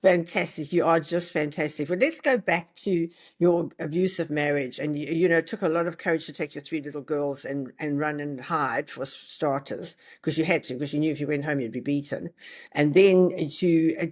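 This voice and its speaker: A woman's voice: low-pitched, normal speed. A woman with a South African accent hosting an interview, prompting her guest with encouraging questions. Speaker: host.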